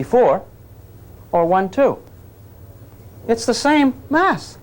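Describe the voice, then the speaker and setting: A man's voice: mid-range voice, a little mellow. A man teaching physics to a class, joking and coaxing the students while he demonstrates. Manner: jokey, coaxing, calls students gang.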